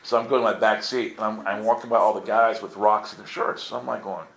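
Guy telling stories to a group, acts out the quotes, goes high and excited sometimes, echoey room. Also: quick pace, vocal fry. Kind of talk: animated storytelling.

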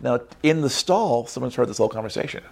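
A man giving a lively sermon in a voice of middle pitch. He jumps between soft, hushed prayer and loud, high-pitched impressions of gossiping churchgoers, and he keeps asking "right?". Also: fast talker, vocal fry. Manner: acts out church members in character voices, says "right?" often. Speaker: preacher. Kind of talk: animated sermon.

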